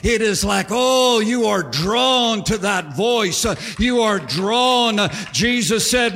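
Older preacher with a high ringing voice. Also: male voice, animated, a bit bright, slight background noise. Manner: impassioned preaching with drawn-out exclamations. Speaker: pastor. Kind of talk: sermon. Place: large conference hall. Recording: long hall reverb.

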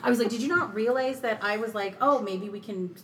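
A woman's voice: fairly high pitch, a little fast, fairly bright tone. Frank, profane woman in casual chat. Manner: frank and profane, acts out quoted dialogue.

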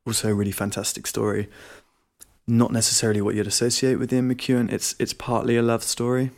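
A man's voice: mid-range voice, flat delivery, brisk. A young man hosting a podcast, talking through his thoughts on novels in a casual, rambling way, often correcting himself mid-sentence. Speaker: podcast host. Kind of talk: casual book review monologue.

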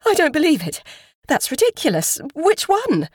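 Lady doing a high shrill estate agent woman, rattled, questions shooting up. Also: animated, moderate pace, no echo, studio quality, lightly acted. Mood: shocked, panicky.

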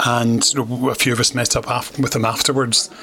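A man's voice: mid-range voice, little pitch movement, fairly quick, vocal fry, sharp tone. A man co-hosting a podcast in casual chat, enthusiastic and a little rambling, full of praise. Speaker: podcast co-host.

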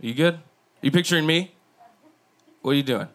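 A man speaking briskly in a fairly high, fairly bright voice performs crude stand-up in a comedy club, riffing and talking straight to the audience. The live club recording carries audience laughter behind him.

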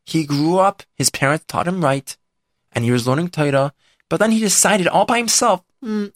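A man's voice: a little high, lively intonation, normal speed, dry recording, studio quality. A man telling a religious folk story in a casual, conversational way with fillers and restarts.

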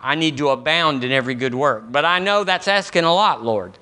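Pastor, middle-aged man, folksy sermon delivery, bright tone. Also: on the high side, a little fast. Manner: folksy, acts out dialogues with God.

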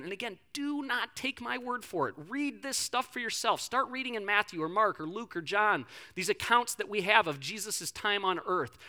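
Young male pastor, high and very bright voice, lively storyteller, casual fillers. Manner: animated storytelling, acts out quotes, frequent fillers and restarts. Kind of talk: sermon with a personal story.

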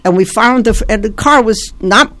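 A woman's voice: on the high side, normal speed, fairly bright tone. An older woman from Italy, a guest on her son's show, telling family stories in a rambling, self-interrupting way. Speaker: guest, host's mother. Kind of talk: casual family storytelling.

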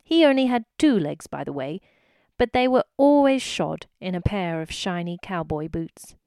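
A woman's voice: on the low side, very animated, moderate pace, darkish tone, clean tone, dry recording, studio quality. A woman reading a children's story aloud expressively, speaking directly to the listener.

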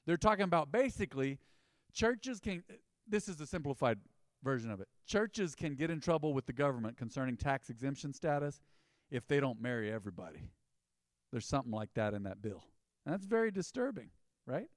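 A man's voice: medium pitch, sing-song, fairly quick, no echo, clean studio sound. A man preaching a sermon as pastor, in an emphatic, conversational style with rising bursts.

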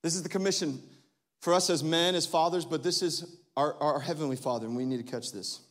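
Male pastor, 30s, high voice, animated sermon delivery in a reverberant church hall. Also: brisk. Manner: animated, swings between loud exclamations and hushed asides, laughs often.

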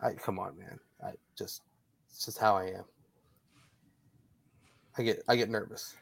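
A man's voice: on the low side, steady tone, a little slow, creaky, husky. A man hosting a casual sports podcast, talking in a rambling way with many restarts. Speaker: podcast host.

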